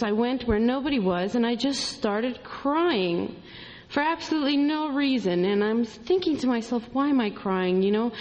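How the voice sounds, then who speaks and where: A woman at an ordinary middle pitch tells her life story in a loose, rambling way, full of asides. Her voice rings out with a long reverb, as if she is speaking in a large hall. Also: a little mellow. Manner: rambling, conversational storytelling with many "you know"s. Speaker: convert sharing her story. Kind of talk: personal testimony.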